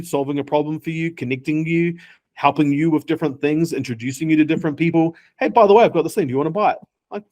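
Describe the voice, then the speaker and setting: Man, New Zealand accent, startup founder, interview guest, lively storyteller, slightly high pitch. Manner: animated storyteller, acts out quoted dialogue. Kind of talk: casual interview talk.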